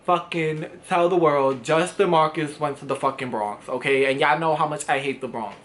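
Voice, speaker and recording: A man's voice: on the high side, moderate pace, fairly bright tone. A young man in his twenties telling a dramatic, profane story to camera, acting out the other people in it. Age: 20s. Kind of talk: casual storytime. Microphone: camera vlog setup.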